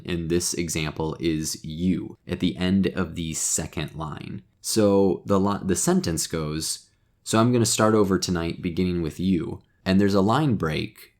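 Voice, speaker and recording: A man teaching poetry in a chatty, self-deprecating way as host of his own lesson channel. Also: sits low. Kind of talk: casual explainer lesson.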